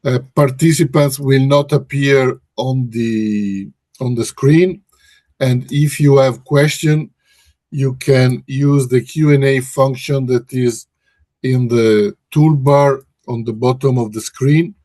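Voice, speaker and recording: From his Brussels office, a male research director presents a webinar in a slow, mellow, mid-range voice with a steady tone. He keeps restarting and correcting himself as he goes, and the sound has no echo.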